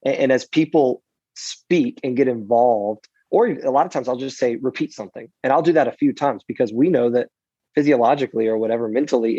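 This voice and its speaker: A man who speaks and preaches for a living, answering interview questions in an animated, self-deprecating way with frequent restarts. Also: medium pitch, husky, no room sound, lo-fi sound.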